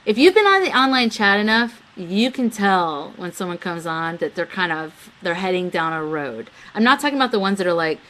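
A woman's voice: mid-range voice, lively intonation, fairly quick, few pauses, sharp tone, slight background noise. Chatty giggly woman live-streaming. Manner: chatty, giggly, reads chat aloud and retells stories with quoted voices. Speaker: live webcam show host. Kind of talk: casual live-stream chat.

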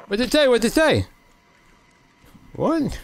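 Excitable high-voiced man gaming. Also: normal speed, gravelly, a little hiss or hum. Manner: goofy, excitable, with sudden yelps and shouts; jokey, mock-serious asides to the viewers. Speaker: gaming video creator. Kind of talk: playing a VR game with commentary.

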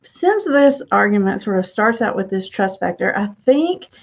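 A woman coach talks through an argument clip in a calm, explanatory, direct way. Her voice sits at an ordinary middle pitch. The audio is slightly dull and lo-fi. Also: normal speed. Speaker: relationship coach. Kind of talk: commentary analyzing an audio clip.

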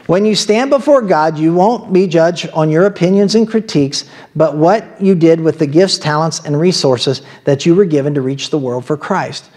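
Male pastor with an Ohio accent, slightly high voice, chatty sermon delivery with asides. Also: expressive, moderate pace, darkish tone. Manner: conversational preaching with asides and laughs.

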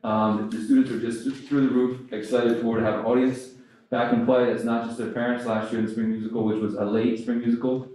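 Brisk man, principal type, rushing a report; low flat voice heard far off in a reverberant hall. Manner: quick, rambling with many fillers. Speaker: school principal. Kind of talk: reading a report at a board meeting. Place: school board meeting room. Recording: echoey room, voice from far off.

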